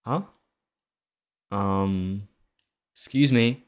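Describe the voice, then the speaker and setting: A man's voice: lowish voice, moderate pace. A man doing let's play commentary on a horror game, jumpy and nervous, talking back to the characters with nervous laughs. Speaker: game streamer.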